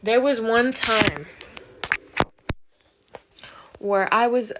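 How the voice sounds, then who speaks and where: Woman, fairly high voice, casual rant, profane and emphatic, rambling, dull lo-fi recording. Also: unhurried, heavy background noise. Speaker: manifestation vlogger. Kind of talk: casual ranting vlog.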